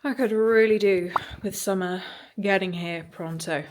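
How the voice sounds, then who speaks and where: A woman's voice: mid-range voice, unhurried. A young woman, a fitness coach, chatting casually and upbeat to her phone camera at the gym and at home. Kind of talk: casual vlog chat.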